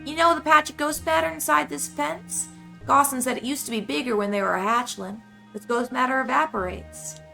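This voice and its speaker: Woman doing a gushing alien kid, put-on Southern twang, high and bright, a little gravelly. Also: brisk, faint music behind, exaggerated voice, low-quality recording. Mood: excited. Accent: put-on American Southern. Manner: eager, gushing, stumbles over words. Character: excited young alien child villager. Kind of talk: reading game dialogue aloud.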